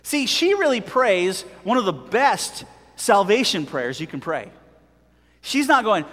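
A middle-aged man preaching a sermon with animated delivery, telling stories and acting out voices. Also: high-pitched, a little slow, in a large hall. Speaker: pastor.

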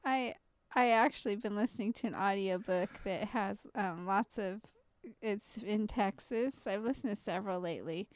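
A woman co-hosting a casual chat with her husband, chatty and quick to laugh. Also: mid-range voice, no echo. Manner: giggly, chatty, easily amused. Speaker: podcast co-host.

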